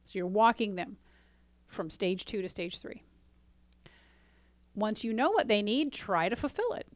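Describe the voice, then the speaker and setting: A woman's voice: mid-range voice, animated, a little slow, no room sound. A woman giving a casual teaching talk as a relationship coach, chatty and often checking in with "right?". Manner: conversational, often asks "right?"; acts out dialogue in quotes.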